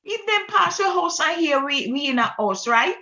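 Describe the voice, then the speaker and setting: A woman, her voice bright and fairly high, swinging widely in pitch as she affirms and testifies. The sound comes through a dull, lo-fi online call. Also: very animated, normal speed. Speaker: study group member. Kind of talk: religious group discussion.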